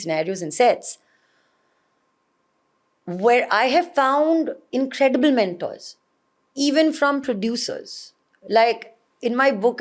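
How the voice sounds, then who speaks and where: An Indian woman, an actor, being interviewed and telling stories in an animated way with frequent laughter. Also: medium pitch. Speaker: guest, actor. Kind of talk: conversational interview.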